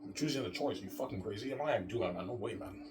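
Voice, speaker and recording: A man's voice: lowish voice, expressive, racing, distant mic, noisy background. A man ranting in a rambling, agitated monologue, cursing and repeating himself. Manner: agitated, profane and repetitive, ends phrases with "man".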